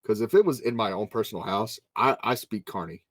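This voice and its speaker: A man's voice: on the low side, brisk, no room sound. A podcast host, a married man with kids, chatting casually and cursing freely while telling a story. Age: adult with children. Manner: profane, storytelling. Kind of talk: casual chat.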